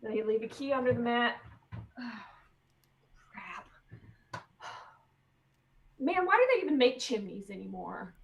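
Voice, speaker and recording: A woman's voice: fairly high pitch, very animated, unhurried, gravelly, pauses often, muffled recording, a little hiss or hum, heavily acted. Woman as a grumbling Santa, far from the mic. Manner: grumbling, muttering to himself. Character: grumbling male Santa afraid of chimneys.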